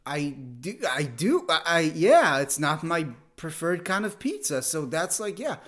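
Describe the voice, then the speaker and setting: A man's voice: a little high, sing-song, a little slow, a bit bright. A man guesting on a comedy podcast, ranting bluntly and sarcastically in casual banter. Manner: blunt, sarcastic, provocative rants.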